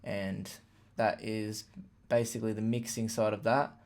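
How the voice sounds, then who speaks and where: A man casually walking through how he built a hip hop track, plain-spoken and relaxed, with fillers like "like" and "literally". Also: on the low side, unhurried, creaky. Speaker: music producer explaining a beat. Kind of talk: casual tutorial walkthrough. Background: faint playback of his beat.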